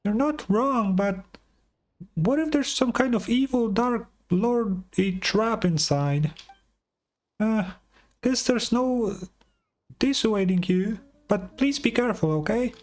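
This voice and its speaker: Male streamer doing a squeaky, excitable fairy girl sidekick, pitched way up. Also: takes it slowly. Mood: worried. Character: chirpy small female fairy companion.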